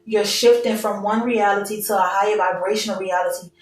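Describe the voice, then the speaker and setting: A woman's voice: mid-range voice, fairly even intonation, a little fast, distant mic. A young woman reads tarot for her viewers in a loose, candid way, full of slang and swearing. She sits a little back from the mic in an echoey room, and a faint hum runs underneath. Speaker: tarot reader. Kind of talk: casual tarot reading to viewers.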